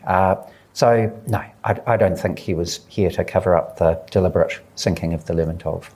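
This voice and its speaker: A man, an author telling a story at a live book event, earnest and unhurried, voicing the people he quotes. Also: low-pitched, darkish tone, breathy edge. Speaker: author guest at a book talk. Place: live audience event indoors.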